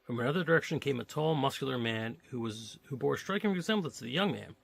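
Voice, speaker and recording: A man's voice: medium pitch, lively intonation, fast, creaky, slight background noise. A man reading a novelization aloud, stopping now and then to joke and comment on the story. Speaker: reader of a novelization.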